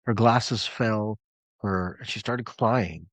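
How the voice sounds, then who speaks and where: A man's voice: lowish voice, drawn-out words, no echo. A man coaching clients on a live call, telling a story in an emphatic, conversational way.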